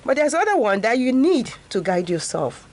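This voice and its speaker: A woman's voice: on the high side, big pitch swings, moderate pace. A woman in her fifties, a guest in an interview, talking earnestly about education and often breaking into a laugh. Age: 50s. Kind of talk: casual interview talk.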